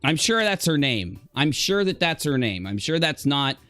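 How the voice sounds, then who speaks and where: Animated man reacting on stream. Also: fairly high pitch, moderate pace, no room sound, faint music behind. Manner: excitable, exclaims and laughs often. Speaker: live streamer reacting to clips. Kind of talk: casual reaction commentary.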